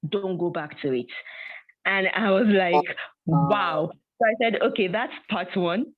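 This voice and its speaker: A woman telling a personal testimony in an animated way, acting out dialogue and often laughing. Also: medium pitch, measured pace. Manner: animated storytelling with frequent laughs and quoted dialogue. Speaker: guest sharing a personal testimony. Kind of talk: storytelling testimony. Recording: tinny phone-like audio.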